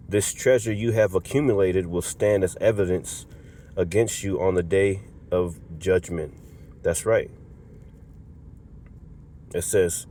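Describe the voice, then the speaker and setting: A man's voice: lowish voice, darkish tone. A man preaching from scripture, reading verses aloud and breaking in with casual, slangy remarks like "all right" and "man.". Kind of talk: street-style scripture sermon.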